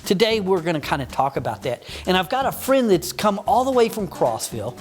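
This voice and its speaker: A male pastor introducing a guest to a children's group. His voice is animated and friendly and rises and falls freely, with soft music faintly behind him. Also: high-pitched, a little fast.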